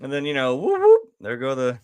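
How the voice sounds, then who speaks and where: A man's voice: medium pitch, huge pitch swings, a little fast, darkish tone, clear, resonant tone. Laid-back man rambling through a film review. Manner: laid-back, rambling, laughs often, frequent fillers and swearing. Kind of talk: casual film review commentary.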